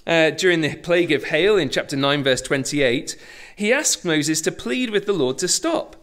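A middle-aged man preaching a sermon, conversational and animated, with asides and self-deprecating humour. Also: on the high side, normal speed. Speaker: pastor.

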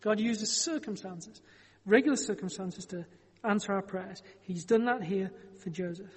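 A man's voice: sits high, normal speed, slightly rough, big-room sound. A man preaching a sermon, telling a Bible story in a conversational way with wry joking asides.

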